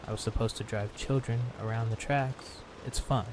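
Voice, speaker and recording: A man's voice: lowish voice, normal speed, noisy background, natural voice. A man voicing a sad haunted train monster. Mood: sorrowful. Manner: plaintive, childlike pleading. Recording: steady rain sound behind.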